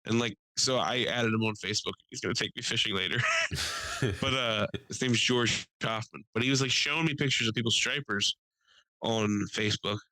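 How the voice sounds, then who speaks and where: Young American male podcast host, bright and crisp, dry mic, loose swearing storyteller. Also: fairly low pitch, moderate pace, dry recording, poor audio. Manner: animated, swearing, laughing storyteller doing voices. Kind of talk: casual storytelling chat.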